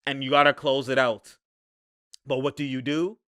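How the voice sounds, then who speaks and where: Excitable man breaking down game film. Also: mid-range voice, moderate pace, no room sound, studio quality. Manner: excitable, laughs often, slangy, shouts at players. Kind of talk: casual game breakdown commentary.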